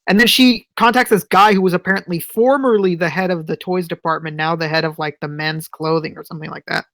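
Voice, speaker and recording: A man's voice: fairly high pitch, steady tone, fairly quick, pushed and bright, dry recording. A man co-hosting a podcast, telling a story in casual chat, swearing freely and acting out what people said. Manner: profane storyteller, acts out quotes. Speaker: podcast co-host.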